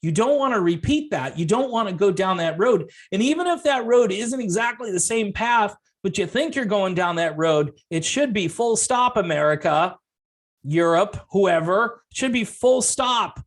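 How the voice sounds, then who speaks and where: A man's voice: sits high, animated, moderate pace. A man delivering a sarcastic opinion rant as a music commentary vlogger, full of rhetorical questions.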